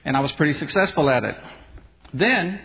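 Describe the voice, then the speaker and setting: A man's voice: fairly high pitch, lively intonation, moderate pace, a bit bright. A male radio host giving an earnest, conversational inspirational talk and telling stories. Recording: dull sound with long hall reverb.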